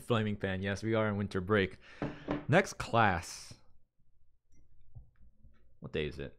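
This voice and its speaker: Slight background noise sits under a fairly low, expressive, rather bright male voice that moves slowly. He's a Las Vegas livestream host chatting loosely with viewers, rambling, restarting sentences, and reading their messages aloud.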